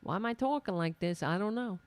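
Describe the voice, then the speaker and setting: A woman's voice: medium pitch, expressive, a little fast, dry recording. A woman from New York with a New York accent, hosting a solo political podcast and ranting in a frustrated, self-deprecating way. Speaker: podcast host.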